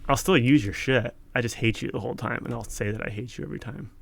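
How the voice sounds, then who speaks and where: A man who develops open-source software, swearing and ranting in indignant, sarcastic outbursts while he codes, then laughing at himself. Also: mid-range voice, steady tone, fast talker, gravelly. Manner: laughs at himself between rants. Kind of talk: ranting while coding on screen.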